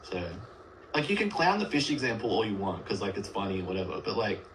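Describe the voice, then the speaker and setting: A low-voiced man makes an earnest, rambling case on a livestream, peppering his talk with "like" and "right". A faint hum runs under the played-back clip. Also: sing-song, quick pace, fairly bright tone, rough recording. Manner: rambling, heavy filler words, earnest. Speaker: livestream guest. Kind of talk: casual debate on a livestream.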